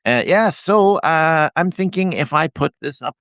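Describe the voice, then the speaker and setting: A retired man in his sixties from Canada, rambling through casual self-deprecating chat on his live stream with a handheld mic, blunt and quick to laugh. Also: fairly high pitch, expressive, fairly bright tone, no echo, studio quality. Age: 60s. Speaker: host of a live video stream. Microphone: handheld microphone.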